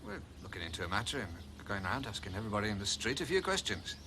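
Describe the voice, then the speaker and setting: A brisk, easygoing constable. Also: male voice, fairly low pitch, big pitch swings, sharp tone, a little hiss or hum, full character voice. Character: easygoing young male police constable. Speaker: police constable. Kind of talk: 1980s television police drama.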